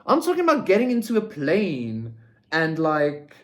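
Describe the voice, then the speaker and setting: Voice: mid-range voice, wildly swooping pitch, normal speed. A tarot reader giving a casual pick-a-card reading, rambling with lots of "like" and tagging lines with "okay?", swearing freely.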